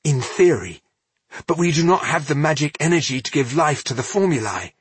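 A man voicing a proud, defiant young woman apprentice of magic in an audiobook, pushing his voice high and tense to play her. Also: big pitch swings, brisk, breathy edge, no room sound, exaggerated voice. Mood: insistent.

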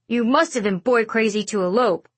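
A woman's voice: fairly high pitch, moderate pace, no room sound, natural voice. A woman voicing a cranky, pompous old male scientist who now has a teenage boy's body, lecturing and indignant, in an audiobook. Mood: scolding. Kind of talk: audiobook character voice.

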